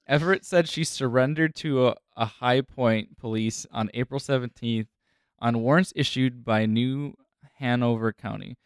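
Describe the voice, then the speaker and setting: A young man co-hosting a casual comedy podcast, reading news stories aloud in a plain middle-pitched voice. He breaks off into chuckling asides now and then. The sound is close and dry. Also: normal speed, clear, resonant tone, no room sound. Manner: reads articles aloud with laughing asides. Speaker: podcast co-host.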